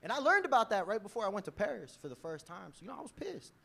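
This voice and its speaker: A man's voice: high-pitched, fast, vocal fry. A man, doing a stand-up set in a loose, chatty style, laughing at his own jokes. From New York. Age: 20s. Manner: lively, loose delivery, laughs at own jokes, frequent "you know?". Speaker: stand-up comedian. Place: comedy club stage.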